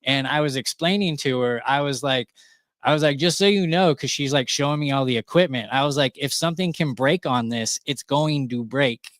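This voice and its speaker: A man telling a profane, animated anecdote in casual chat. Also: mid-range voice, normal speed, no echo. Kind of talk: casual storytelling.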